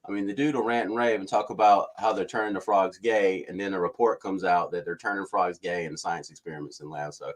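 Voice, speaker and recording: A man's voice: sits low, fairly even intonation, fairly quick, few pauses. A man hosting casual political commentary, ranting and mimicking officials. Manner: ranting, mocks officials in put-on voices. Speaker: commentary channel host.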